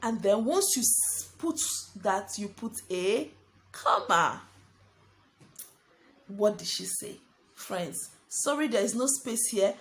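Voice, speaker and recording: A young woman teaching a lesson to small children, speaking slowly and repeating words while she writes on a board. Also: mid-range voice, lively intonation. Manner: slow, sing-song teacher talk addressing children as friends; talks while writing on a board. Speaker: primary school teacher.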